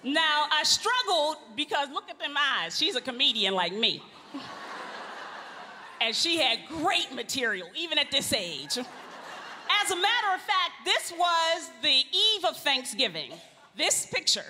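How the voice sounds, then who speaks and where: A woman's voice: high voice, measured pace, slight background noise. A woman speaking at a live event, telling funny family stories to the audience with lots of laughter. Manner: animated, laughing, addresses the crowd. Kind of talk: comic storytelling to a live audience. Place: large event hall. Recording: live hall with long reverb, faint ambience.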